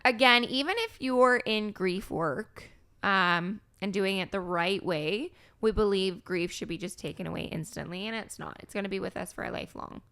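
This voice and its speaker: Young woman, gravelly smooth voice, raw candid talk, swears, trips over her words. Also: mid-range voice, fairly bright tone. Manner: emotional, candid, swears, halting restarts. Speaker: podcast host, grieving mother. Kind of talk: candid conversation.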